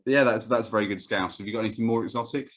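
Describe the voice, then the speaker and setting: Very deep voice, man, host, dry teasing wit, video call. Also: rapid-fire. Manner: dry, teasing, deadpan humor. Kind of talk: casual interview chat.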